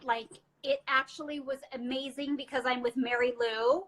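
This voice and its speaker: Bright, high-voiced bubbly woman. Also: fairly even intonation, moderate pace, low-quality recording. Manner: bubbly, laughs often, chatty. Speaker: livestream host. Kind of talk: casual chat. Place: indoors at her quarantine lodging. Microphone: phone.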